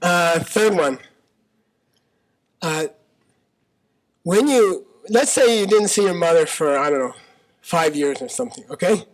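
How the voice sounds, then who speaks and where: A man's voice: on the high side, animated, measured pace, pauses often, low-quality recording. A man teaching a Buddhist talk to a live audience in a small auditorium, conversational, often checking in with "okay?" and arguing through questions. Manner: argues by voicing debating partners in questions.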